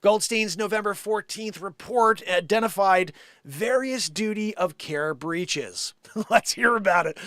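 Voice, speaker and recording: The man's voice sits high and sounds a bit bright as he hosts a live comedy stream, laughing along while reading a news story like a playful mock radio announcer. He's a live music and comedy show host. The sound is clean studio quality with no echo.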